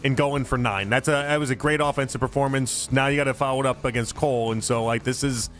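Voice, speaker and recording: A man co-hosting a sports radio show, casually laying out his reasoning in a steady way. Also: mid-range voice, quick pace. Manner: steady, reasoned, lays out predictions.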